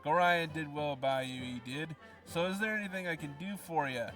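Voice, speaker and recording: A man's voice: on the high side, moderate pace, fairly bright tone, distant mic, faint music behind, lightly acted. A man voicing a jovial, greasy old male innkeeper in a put-on Minnesotan accent, hearty and teasing.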